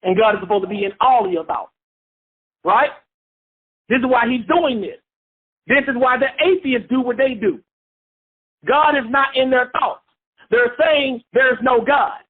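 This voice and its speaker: A Bible teacher leading a call-and-response study, repeating points and asking listeners questions. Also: medium pitch. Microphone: phone. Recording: phone-line radio call.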